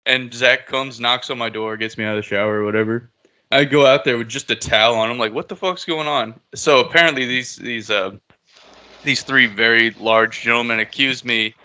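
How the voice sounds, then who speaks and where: Brief: man, very bright tone, easygoing podcast storyteller who curses freely. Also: medium pitch, moderate pace. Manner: laid-back, swears often, laughs at own story. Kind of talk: casual storytelling.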